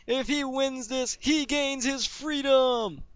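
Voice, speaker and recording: A man's voice: extremely high pitch, fairly even intonation, slow, a bit bright, smooth, dry recording, voice pushed up, heavily acted. A man voicing a showy male arena announcer who stretches out his words and stumbles over the lines. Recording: dull dry lo-fi recording.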